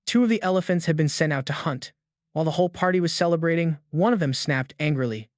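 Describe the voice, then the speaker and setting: A man's voice: fairly high pitch, fast, no echo, studio quality. Man narrating a story recap.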